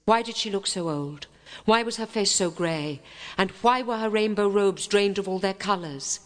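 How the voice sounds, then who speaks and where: A woman reading a fairy tale aloud with dramatic, expressive storytelling. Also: low-pitched, normal speed. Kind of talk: storybook narration. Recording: long reverb.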